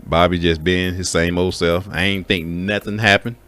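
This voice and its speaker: A man with a very low voice tells a personal story in a loose, candid way, speaking at a moderate pace with a steady tone and a pushed, bright quality. He swears freely and calls his listeners folks directly, while faint music plays underneath.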